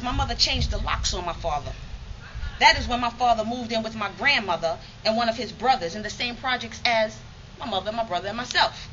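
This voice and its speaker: Woman from New York, bright and fairly high, emphatic spoken-word monologue; dull, lightly noisy recording. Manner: rhythmic, emphatic, streetwise storytelling.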